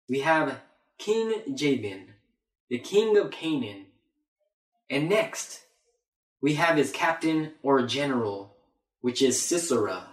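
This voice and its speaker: A man preaching a Bible sermon, emphatic and repeating his phrases for weight. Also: a little high. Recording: roomy echo.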